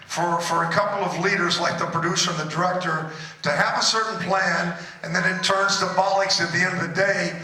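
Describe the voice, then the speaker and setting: A man talks casually and easily on a convention panel. His voice is high-pitched and heard from far off. It rings around a big echoing hall. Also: fairly even intonation, brisk, sharp tone.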